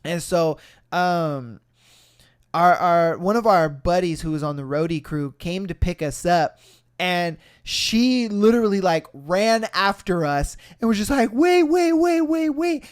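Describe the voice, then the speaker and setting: On his podcast, a young man with a high, clean voice spins a story at a slightly slow pace. He chats casually and animatedly, curses a lot, and dramatizes quotes by doing the voices.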